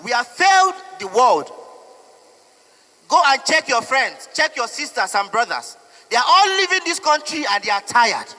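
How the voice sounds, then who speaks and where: A young man with a Nigerian accent speaks in a very high, piercingly bright voice. He talks emotionally, pleading one moment and defiant the next. A long reverb trails behind his words. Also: very animated, normal speed, soft background music. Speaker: protester. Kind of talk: impassioned street statement.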